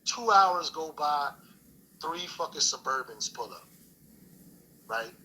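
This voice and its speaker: A man's voice: on the high side, lively intonation, takes it slowly, sharp tone, a little hiss or hum, low-quality recording. A middle-aged man telling a story in a laid-back, profane street style, full of fillers. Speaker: guest storyteller. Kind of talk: casual storytelling chat.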